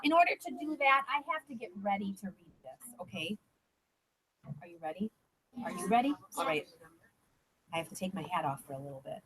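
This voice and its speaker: A woman teacher reading a picture book aloud to first graders in a classroom, animated and coaxing the children to join in. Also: medium pitch, brisk, long pauses, poor audio. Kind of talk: read-aloud storytime.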